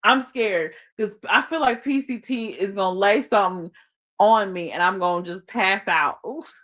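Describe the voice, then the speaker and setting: A woman chats loosely on a live stream, talking on her phone while tucked into bed. Her talk is slangy and playful, and she laughs often as she reads her chat aloud. The pitch sits in the middle for a woman. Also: normal speed, fairly bright tone. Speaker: livestreamer reading chat. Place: her bed under blankets.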